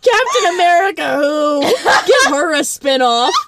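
A young adult woman co-hosting a comedic recap podcast, playful and quick to put on silly voices. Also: very high-pitched, very animated, a loud crowd. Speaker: podcast co-host. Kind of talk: casual comedic recap chat.

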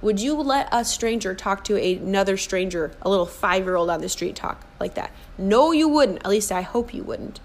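A woman in her forties talks as a coach in a motivational podcast monologue. She is earnest and emphatic, and she comes back to key phrases to drive them home. Her pitch sits in a middle range for a woman. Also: expressive, normal speed, hardly any pauses. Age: 40s. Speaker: life and fitness coach.

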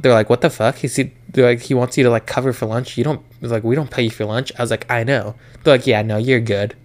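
Smooth-voiced young man telling stories. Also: medium pitch. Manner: storytelling with profanity, acting out work arguments. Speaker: podcast co-host. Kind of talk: casual chat.

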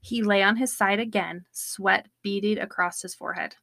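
A woman co-hosting a podcast, reading a true-crime book excerpt aloud in a steady, measured way on a close studio mic. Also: mid-range voice, creaky, no echo. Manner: steady, measured storytelling read. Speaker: podcast co-host.

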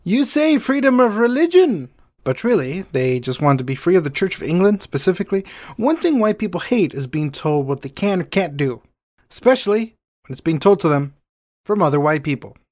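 Male co-host, a bit high-pitched, irreverent comic banter. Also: lively intonation, brisk, darkish tone. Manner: playful, irreverent jokes. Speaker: podcast co-host. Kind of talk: comedic banter and scripted narration.

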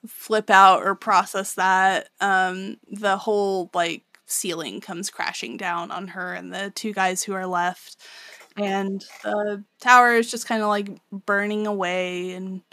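A young woman co-hosting a podcast, her voice carrying a gravelly, fry-edged texture. She recaps a story in loose, profane casual chat and laughs often. The sound is close and dry, with no room around it. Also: mid-range voice, steady tone, slow, pushed and bright, no echo. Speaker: podcast co-host.

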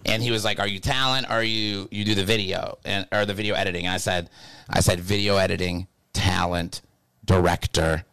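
Animated young man telling stories, dry sound. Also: deep voice, gravelly, clean tone, no room sound. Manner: animated storyteller, fast bursts, filler-heavy. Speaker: podcast co-host. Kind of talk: casual chat.

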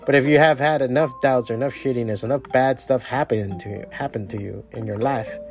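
A man's voice: mid-range voice, fairly quick, faint music behind. A man hosting his own podcast, talking in a casual, rambling, profanity-heavy motivational monologue. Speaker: podcast host.

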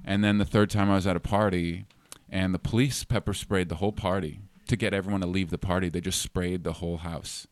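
A man, a guest comedian, telling rambling, halting anecdotes in casual chat on a podcast. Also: sits low, steady tone, no echo.

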